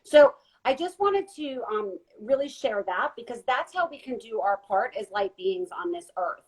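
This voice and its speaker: A woman guest giving an earnest, gentle spiritual talk during a live online chat. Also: a little high, animated, moderate pace, slightly rough, low-quality recording. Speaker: guest intuitive reader. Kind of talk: casual live-stream talk.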